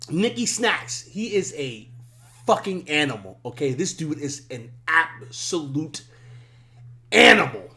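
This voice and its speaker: A high-voiced man hosts a live sports talk stream, excitable and swearing, laughing a lot and repeating himself, his voice worn from yelling.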